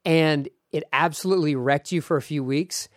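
Guy hosting a chat, bit high voice, jokey and self-deprecating, very dry close sound. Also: normal speed, no room sound. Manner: animated, self-deprecating, laughs easily. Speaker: podcast host. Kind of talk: casual interview chat.

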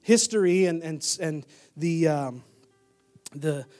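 High-voiced male pastor preaching dynamically. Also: takes it slowly, faint music behind. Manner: dynamic preaching, swinging from loud bursts to hushed near-whispers. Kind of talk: sermon. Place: church sanctuary.

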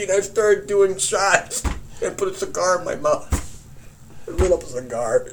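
A man casually telling a profane campfire story, animated and often laughing as he recounts it. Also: on the high side, moderate pace.

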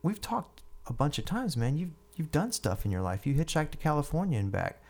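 A man's voice: medium pitch, expressive, normal speed, darkish tone. A man voicing a tipsy male barfly who lectures insistently and pushily. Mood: lecturing.

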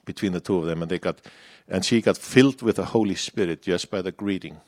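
A man's voice: deep voice, a little fast, darkish tone. A man preaching a sermon in a church, in a conversational, personal way that turns the message back on himself.

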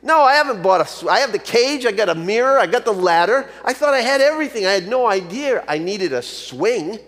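A man voicing an anxious, tearful woman who owns a parrot, talking high and quick. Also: sing-song. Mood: flustered. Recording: long hall reverb.

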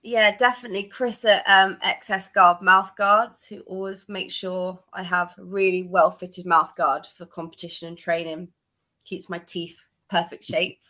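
A woman's voice: on the low side, steady tone, unhurried, pushed and bright. A woman on a podcast, a competing athlete, giving thanks in casual chat. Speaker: co-host and guest athlete.

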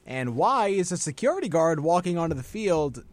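A man's voice: a little high, sing-song, moderate pace, no room sound. A young man hosting a college radio sports show, teasing his co-host and speaking like an announcer. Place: radio studio.

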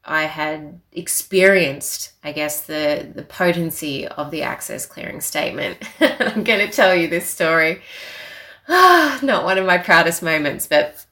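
A woman's voice: sits low, animated, measured pace, sharp tone. A young woman telling a personal story in a casual, chatty way, full of filler words.

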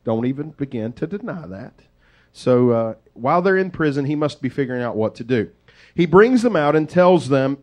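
A man preaching, retelling a story in a lively, conversational way with folksy asides. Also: mid-range voice, normal speed. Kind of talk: sermon storytelling.

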